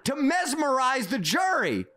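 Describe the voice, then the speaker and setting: A man's voice: extremely high pitch, huge pitch swings, unhurried, pushed and bright. Playful mock-serious male podcast host. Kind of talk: joking podcast banter.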